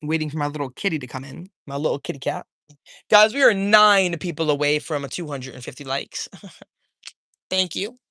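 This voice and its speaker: A man's voice: a little high, normal speed, creaky, sharp tone, no room sound, clean studio sound. Laid-back man with a lightly raised voice. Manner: laid-back, slangy, thanks viewers one by one. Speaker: live streamer. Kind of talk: casual livestream chat, reading out viewer comments.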